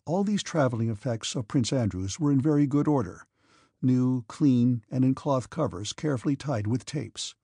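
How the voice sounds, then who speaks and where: Mellow, husky male audiobook narrator. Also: medium pitch, no echo, clean studio sound. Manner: measured, steady reading. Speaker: audiobook reader. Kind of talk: scripted narration.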